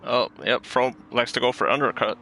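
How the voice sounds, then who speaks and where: A man's voice: mid-range voice, fairly even intonation, normal speed, pushed and bright, a little hiss or hum, low-quality recording. A man co-commentating an online racing league, laid-back and chuckling often as he talks race strategy.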